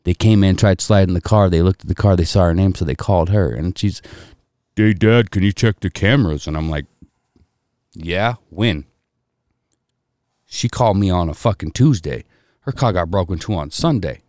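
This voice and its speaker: A middle-aged man telling profane stories about his kids in casual chat, often jumping into a high voice to mimic others. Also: quick pace, warm tone, no echo, studio quality. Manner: profane storytelling, mimics people in a raised voice. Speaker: podcast co-host.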